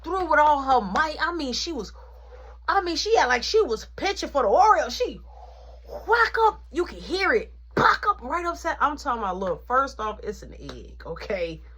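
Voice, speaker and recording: A woman telling a storytime vlog in a lively, slangy way. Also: sits high, normal speed. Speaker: vlogger.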